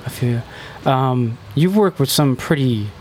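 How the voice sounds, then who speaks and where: A man's voice: medium pitch, animated, unhurried, darkish tone, slight background noise. A man hosting a radio interview, laid-back and affirming, with many fillers. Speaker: radio show host. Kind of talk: casual interview chat.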